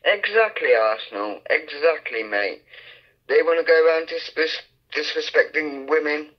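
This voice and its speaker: A man's voice: fairly high pitch, animated, measured pace. A man acting as a channel moderator in push-to-talk voice chat, goading others while hesitating often. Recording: dull lo-fi voice app audio.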